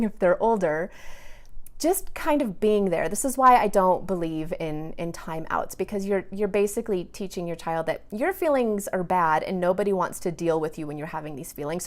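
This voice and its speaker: A woman in her thirties, a parenting coach, talking in a gentle, earnest way with small restarts as she gives advice. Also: lowish voice. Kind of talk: casual advice talk to camera.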